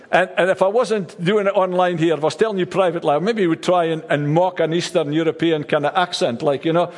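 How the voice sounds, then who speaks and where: A man preaching a sermon for an online service, halting and repeating words with wry asides. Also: high voice, big-room sound. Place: church service streamed online.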